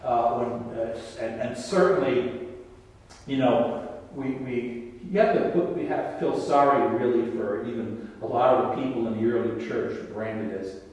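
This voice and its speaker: A man in a relaxed teaching talk, wandering through his points with frequent restarts and asides. His voice comes from a distance, with long reverb filling a large room. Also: mid-range voice, measured pace. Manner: rambling, conversational, many restarts. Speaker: catechism teacher. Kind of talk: informal religious class talk. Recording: echoey hall, voice from far off.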